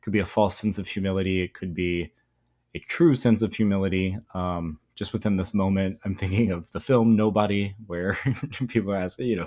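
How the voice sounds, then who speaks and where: A man's voice: deep voice, fairly even intonation, normal speed, a little mellow. A man talking through a poem in a thoughtful, explanatory way, as a teacher giving a lesson. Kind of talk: poetry lesson talk.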